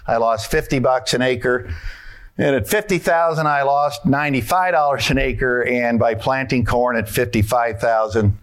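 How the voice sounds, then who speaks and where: A man's voice: mid-range voice, normal speed. A man giving a folksy conference talk on farming, asking the audience questions and walking through his slides.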